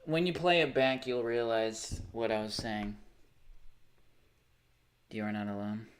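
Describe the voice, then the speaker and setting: A man's voice: lowish voice, steady tone, measured pace. Sarcastic young man chatting on stream. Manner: rambling, sarcastic, swears freely. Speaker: livestreamer. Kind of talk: casual live-stream chat.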